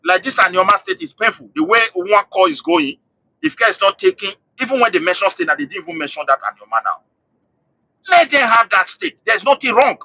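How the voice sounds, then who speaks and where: A man calling into a live show, his voice set high and swinging widely in pitch as he pushes his case. The tone is bright and a little husky, and he keeps restarting and repeating phrases for emphasis. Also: big pitch swings, a little fast, rough recording. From Nigeria. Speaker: call-in guest. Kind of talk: impassioned political commentary.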